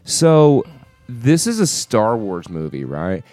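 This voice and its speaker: A man trades jabs with his co-host, teasing and swearing freely, his pitch leaping all over the place. The room is dry with faint music underneath. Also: takes it slowly, no room sound. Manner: teasing, profane, lively banter. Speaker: podcast co-host. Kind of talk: casual heated movie debate.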